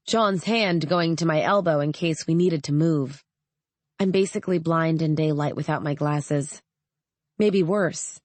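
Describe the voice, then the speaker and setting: A woman narrating a first-person audiobook in an even, measured way. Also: sits low, dry recording.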